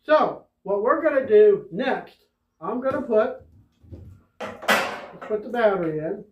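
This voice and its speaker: A man's voice: sits high, expressive, takes it slowly, distant mic, slight background noise. A man doing a casual, rambling tool demo with lots of fillers and restarts. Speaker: tool reviewer. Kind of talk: casual product demo vlog. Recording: roomy, dull sound from away from the mic.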